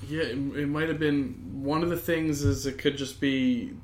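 A man's voice: mid-range voice, fairly even intonation, moderate pace. Playful man chatting casually. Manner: playful, joking, laughs often. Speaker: podcast co-host. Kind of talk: casual chat.

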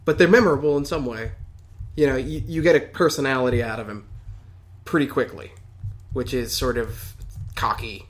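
A man's voice: medium pitch, normal speed, long pauses. A man co-hosting a casual chat, hesitant, with many fillers and restarts. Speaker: podcast co-host.

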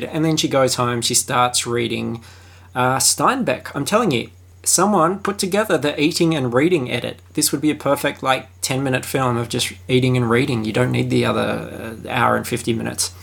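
A man giving a casual, sarcastic and jokey film review, animated and chatty. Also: medium pitch, creaky, breathy edge.

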